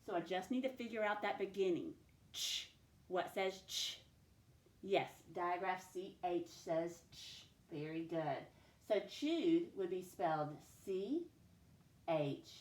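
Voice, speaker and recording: A woman teacher giving a recorded spelling dictation lesson, slowly sounding out each letter and sound. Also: on the low side, a little mellow. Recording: echoey room.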